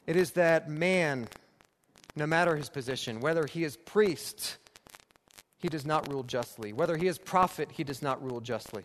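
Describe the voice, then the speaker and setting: Male preacher, slightly high voice, emphatic repetition, long reverb and faint hiss. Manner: emphatic, repeating phrases for rhetorical build. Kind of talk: sermon.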